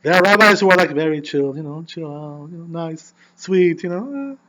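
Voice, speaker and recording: A man who is a rabbi teaching an informal Torah class, animated and constantly checking in with "you know" and "right?". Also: a little high, a little fast.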